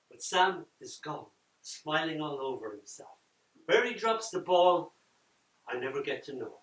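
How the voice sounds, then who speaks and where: An older man reading his poems at a launch, dramatic, swinging from loud lines down to near-whispers. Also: on the high side. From Ireland. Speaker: poet. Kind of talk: live poetry reading with chat. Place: event room at a book launch. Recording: roomy echo from far off.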